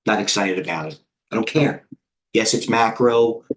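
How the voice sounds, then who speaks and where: Excitable low-voiced American trading coach. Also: male voice, moderate pace, slight background noise. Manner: excitable, rambling, jumps between tickers with quips. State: out of breath. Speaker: trading coach hosting a live stream. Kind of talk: live market commentary.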